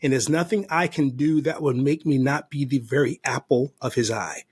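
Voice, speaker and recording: A man's voice: medium pitch, moderate pace, husky, no room sound, clean studio sound. A man on a podcast as a guest, telling his story of recovery in a heartfelt, faith-filled way. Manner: earnest, heartfelt and emotional. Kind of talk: personal testimony in conversation.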